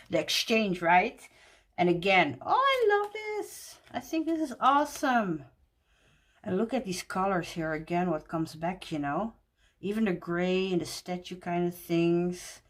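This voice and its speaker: A woman walking through a tarot deck in casual talk, gushing and excited, laughing often. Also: lowish voice.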